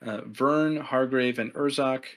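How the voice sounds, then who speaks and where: A man's voice: mid-range voice, measured pace. A man running a tabletop game as game master, easygoing and chuckling, with many fillers. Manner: easygoing, laughs often, filler-heavy.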